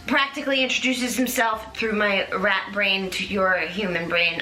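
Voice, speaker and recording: A woman's voice: mid-range voice, moderate pace, few pauses, bright, forceful tone. A young woman hosting a comedic chat, rambling playfully with lots of fillers. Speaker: host. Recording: echoey room with faint noise.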